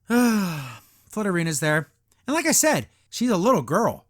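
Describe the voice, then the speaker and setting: A man's voice: high voice, sing-song, measured pace. A man hosting a podcast, giving a casual review with exasperated, sarcastic commentary full of "like" fillers. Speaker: podcast host reviewing a cartoon.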